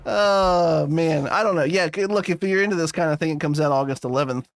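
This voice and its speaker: A man's voice: on the high side, a little fast. A man co-hosting a podcast in a loose, laughing, casual chat, swearing freely. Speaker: podcast co-host.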